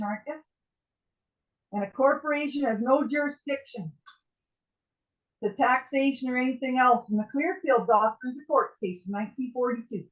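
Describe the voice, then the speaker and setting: An older Canadian woman telling in a rambling, indignant way how she confronted an official, quoting what she said. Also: sits high. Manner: indignant, rambling, quotes her own words. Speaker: citizen recounting a meeting. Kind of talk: casual storytelling. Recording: dull lo-fi sound.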